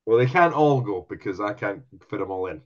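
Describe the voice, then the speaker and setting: A man's voice: fairly low pitch, animated, brisk. Male comedian co-host, sweary mock-indignant banter over a slightly muffled video call. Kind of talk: casual podcast banter.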